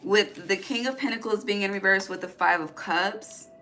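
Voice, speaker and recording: A woman's voice: mid-range voice, normal speed, fairly bright tone, slight background noise. A woman giving a casual tarot reading, blunt and profane, often ending her points with "okay?". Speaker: tarot reader.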